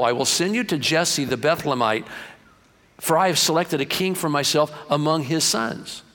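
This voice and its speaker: Storytelling pastor in a reverberant hall. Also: male voice, fairly high pitch, normal speed. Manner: storytelling, animated, acts out voices. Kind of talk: sermon. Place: church sanctuary.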